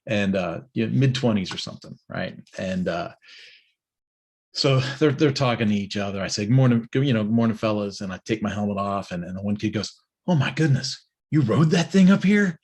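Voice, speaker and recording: A middle-aged man with a slightly husky, breathy voice that sits fairly low. He rambles through an anecdote in a relaxed monologue, restarting his sentences and acting out the people he quotes. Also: fairly quick. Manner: storytelling with many restarts, acts out quoted riders. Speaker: business owner giving a morning check-in. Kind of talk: casual spoken monologue.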